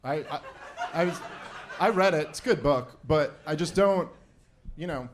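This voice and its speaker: A man's voice: on the high side, slight background noise. Wisecracking man doing stand-up. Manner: wisecracking, loose and conversational, quick asides. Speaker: stand-up comedian warming up a debate crowd. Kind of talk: live stand-up routine. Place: event stage before a live audience.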